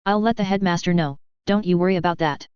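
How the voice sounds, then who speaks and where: A woman's voice: lowish voice, fast, smooth, no room sound, dull audio, close to an everyday voice. A woman voicing a stern, motherly female school nurse who talks in a firm, scolding way.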